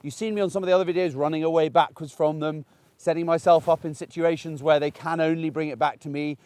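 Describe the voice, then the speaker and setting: A man's voice: fairly high pitch, steady tone, fast talker, darkish tone, clear, resonant tone, dry recording. A man, a dog trainer, chatting and explaining as he demonstrates puppy training outdoors, with frequent restarts. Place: outdoors in a paddock.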